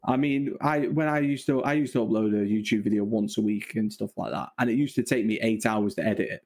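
A man's voice: fairly low pitch, fairly even intonation, quick pace, a little mellow. A man in his thirties with a Mancunian accent, chatting casually on a podcast, laughing often and poking fun at himself. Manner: laughs often, self-deprecating. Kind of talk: casual chat.

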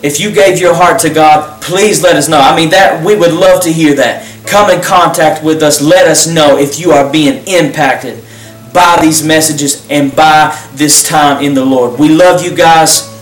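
A man's voice: fairly high pitch, steady tone, unhurried, soft background music. A man who pastors and hosts the program, giving a fervent, repetitive closing altar call and leading a prayer. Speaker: pastor and host. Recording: roomy sound, distant mic.

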